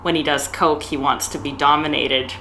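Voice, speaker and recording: A woman's voice: low-pitched, fairly even intonation, moderate pace, pushed and bright. A woman tells stories as a guest in a casual interview. She speaks candidly and with animation, laughs often and acts out the lines of other people. Faint noise sits under her voice. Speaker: guest, escort and tantra educator.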